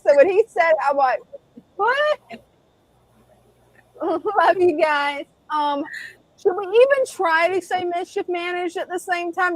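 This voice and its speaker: A woman's voice: extremely high pitch, dry recording, poor audio. A woman co-hosting a casual live stream chat, laughing often.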